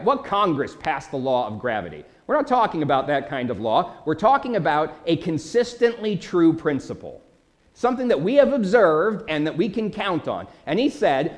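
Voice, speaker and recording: Male preacher, middle-aged, slightly high voice, lively swooping intonation, emphatic repetition. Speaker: pastor. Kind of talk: sermon.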